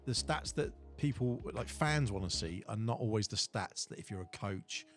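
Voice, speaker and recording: A man's voice: on the low side, expressive, moderate pace, faint music behind. A man co-hosting a podcast, giving blunt opinions in a casual chat. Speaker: podcast co-host.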